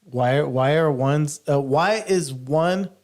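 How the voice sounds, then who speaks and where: A man's voice: fairly high pitch, takes it slowly, a little mellow. A man hosting a casual podcast discussion, hesitant and repeating words as he thinks. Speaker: podcast host.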